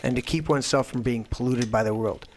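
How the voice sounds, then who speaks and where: A man's voice: medium pitch, quick pace, a crowd in the background. A man hosting his own talk show, delivering an indignant, profane rant. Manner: loud, indignant, heavy swearing. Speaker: host.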